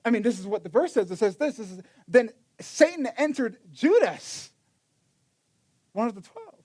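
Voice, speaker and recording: A man's voice: very high-pitched, big pitch swings, normal speed, darkish tone. A man preaching a sermon in a casual storytelling way, acting out the quotes with many restarts. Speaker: pastor.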